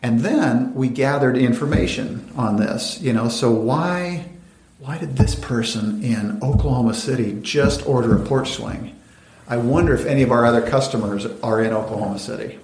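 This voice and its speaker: A man, a company founder, telling stories in an interview and acting out quoted dialogue in lively voices. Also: medium pitch, normal speed. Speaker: venture capital founder, interview guest. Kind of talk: conversational storytelling interview. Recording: roomy echoey room.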